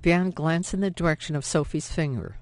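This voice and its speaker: Brief: measured novel narrator, mid pitch, dry studio read. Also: a little mellow, no echo. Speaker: audiobook narrator.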